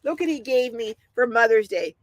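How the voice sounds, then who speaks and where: A middle-aged woman with a slightly high voice hosts a casual livestream at a moderate pace, with no room sound. Chatty and animated, she reads out viewer comments and laughs often.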